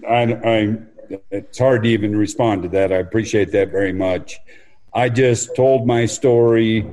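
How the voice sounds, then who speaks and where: Guy w a lowish mellow voice talking earnest in an interview, thinking back on stuff. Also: poor audio. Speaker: interview guest. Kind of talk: casual interview.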